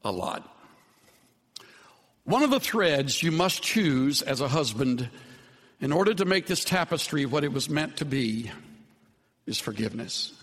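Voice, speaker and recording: A man preaching a sermon with an earnest, unhurried delivery that softens to tender, quiet passages. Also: a little high, big pitch swings, big-room sound. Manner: slow, earnest preaching with soft, tender dips. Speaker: pastor.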